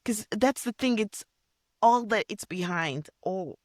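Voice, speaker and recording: A woman's voice: medium pitch, animated, unhurried, no echo, studio quality. A woman co-hosting a podcast in casual chat, agreeing eagerly and swearing casually. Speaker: podcast co-host.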